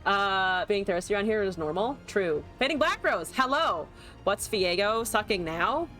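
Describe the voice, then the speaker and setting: A woman's voice: medium pitch, moderate pace. A young adult woman giving live commentary on her card game, swearing, laughing and answering chat as she plays. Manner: animated, swears and laughs, reads chat aloud. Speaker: streamer. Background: faint music.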